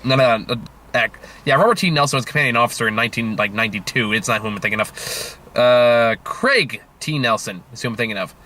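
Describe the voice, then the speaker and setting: Bright-voiced chatty young man. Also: mid-range voice, fast, slight background noise. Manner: chatty, laughs often, swears casually, fillers and restarts. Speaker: movie review host. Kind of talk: casual movie review chat.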